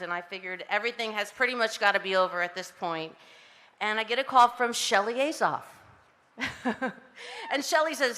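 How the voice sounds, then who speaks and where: A woman's voice: mid-range voice, pushed and bright. A woman in her fifties from Southern California giving an emotional acceptance speech at an outdoor ceremony, gushing and laughing often as she talks. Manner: breathless, giggly, gushing with frequent laughs. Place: outdoor ceremony on a public street. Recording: PA speech with long street echo.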